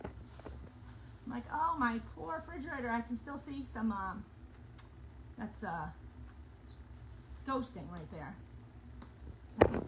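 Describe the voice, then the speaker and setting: A bubbly middle-aged craft vlogger chats casually while demonstrating a project in her home kitchen, talking as she works and sounding out of breath. Her voice is fairly high, and the poor-quality audio carries slight background noise.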